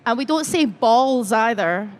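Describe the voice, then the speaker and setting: A woman's voice: a little high, animated, unhurried. Cheeky Scottish woman hosting a panel. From Scotland. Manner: cheeky, teasing, laughs often. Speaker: panel host. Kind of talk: casual convention panel hosting. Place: convention panel stage.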